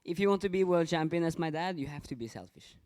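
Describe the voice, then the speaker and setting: Teen rally driver guy, short modest answers, smooth kinda high voice. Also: expressive, quick pace, darkish tone. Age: teens. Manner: brief, modest answers with a little laugh.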